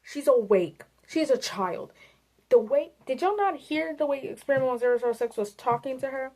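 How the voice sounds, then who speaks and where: A woman giving a casual, animated rant about a video game to her viewers, swearing and addressing them directly. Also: sits high, normal speed. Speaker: video creator.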